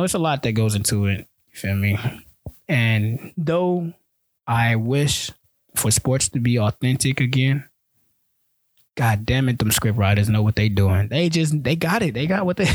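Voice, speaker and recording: A man's voice: mid-range voice, no room sound. Slangy man ranting about sports, dry sound. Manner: loose, slangy, repeats words and restarts. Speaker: sports podcast host. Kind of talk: casual solo sports rant.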